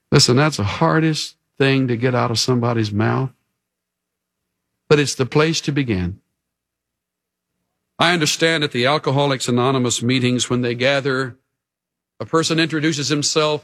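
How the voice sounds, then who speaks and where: A man preaching a sermon in an earnest way, dropping low and soft for emphasis. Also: measured pace. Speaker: pastor.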